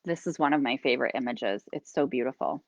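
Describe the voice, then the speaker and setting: A woman hosting a live-streamed oracle card reading, gently encouraging and guiding listeners through slow breathing. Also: rumbling low, no echo. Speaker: host and healer.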